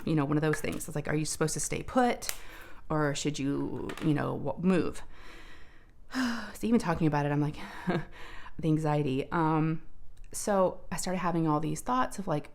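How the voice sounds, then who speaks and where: A woman's voice: sits low, normal speed, slight background noise. A woman, telling a casual story to viewers while she works on a craft, full of fillers and asides. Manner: chatty, addresses viewers as y'all, many fillers. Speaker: crafting vlogger.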